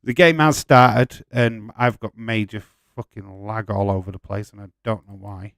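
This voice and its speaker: A man talks loosely on a live stream in a fairly low voice, rambling and swearing as he reacts to his viewers. The sound is dry and close to the microphone, with no room around it. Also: fairly even intonation, normal speed, creaky, fairly bright tone, dry recording. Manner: swears freely, rambling, laughs often. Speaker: streamer host of a watch-along. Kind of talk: casual live-stream chat reading viewer comments.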